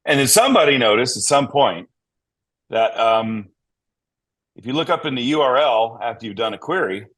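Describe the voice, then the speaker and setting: A man on a podcast panel, telling a story in a lively way with many fillers and asides. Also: medium pitch, normal speed. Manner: animated, lots of fillers and asides. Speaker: panel guest. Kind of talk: casual storytelling.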